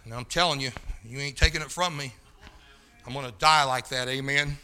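A man preaching a sermon in a fervent, folksy way, talking straight to the room and rising to shouts. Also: medium pitch, fairly even intonation, brisk, clean tone. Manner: loses his place, talks to the room.

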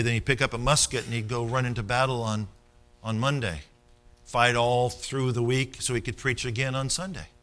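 A man with a medium-pitched, slightly bright voice preaches a rousing sermon. He tells stories and calls out for amens from the congregation.

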